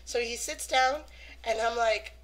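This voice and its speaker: A young woman vlogging as a fan, telling a story in a lively way and acting out quotes. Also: on the high side, measured pace. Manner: animated, acts out quotes. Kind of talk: excited casual storytelling.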